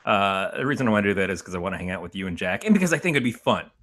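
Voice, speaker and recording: Animated, profane middle-aged podcast host. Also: male voice, sits low, racing. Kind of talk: casual movie podcast chat.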